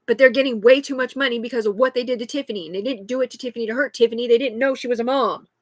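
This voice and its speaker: A high-pitched woman in her thirties rants in a loose, rambling live monologue, swearing constantly. Her voice is close and dry, picked up on a phone. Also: rapid-fire, dry recording. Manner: agitated, rambling, heavy swearing. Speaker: livestreamer.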